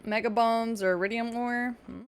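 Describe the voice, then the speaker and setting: A woman's voice: fairly high pitch, fairly even intonation, moderate pace, clear, resonant tone. A woman live streaming a video game, chatting casually with her viewers in a playful, teasing way. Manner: playful and teasing, talking to chat. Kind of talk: casual gaming stream chat.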